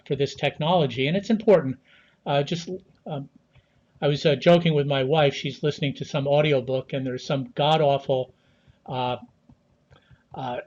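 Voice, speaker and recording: An American man answering interview questions at a measured pace, with many fillers and restarts, heard over a video call. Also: fairly high pitch, muffled recording. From United States. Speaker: guest analyst.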